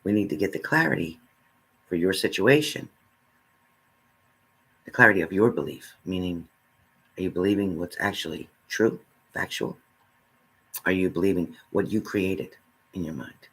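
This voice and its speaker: A man's voice: deep voice, moderate pace, long pauses, fairly bright tone, husky. A man giving a spiritual reading, speaking earnestly and straight to the listener, repeating his phrases. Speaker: spiritual reader.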